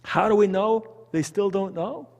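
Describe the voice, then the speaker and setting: Animated Canadian man teaching Bible study. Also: high-pitched, normal speed, long reverb tail. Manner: animated, conversational, asks the group questions. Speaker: pastor leading Bible study. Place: church hall.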